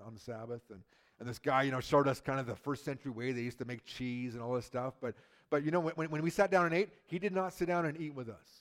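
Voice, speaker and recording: A man preaching in a conversational way, often repeating words and acting out the lines of the story he explains. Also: medium pitch. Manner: acts out quotes from the story. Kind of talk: sermon.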